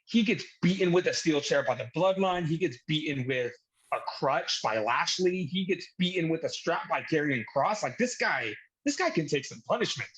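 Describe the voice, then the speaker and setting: A man co-hosting a casual podcast, telling a story in an animated way and laughing at himself. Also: fairly high pitch, normal speed, husky, low-quality recording. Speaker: guest co-host.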